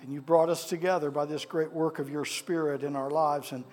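A man's voice: on the high side, steady tone, fairly quick, darkish tone, slight background noise. A man preaching a sermon as pastor of a church, with a fervent cadence that repeats phrases, then leading prayer. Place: church sanctuary.

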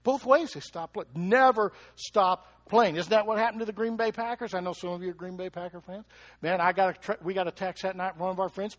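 A pastor preaches a lively sermon in a high-pitched voice at a fairly quick clip, over lo-fi sound. He keeps asking the congregation questions and chuckles between points.

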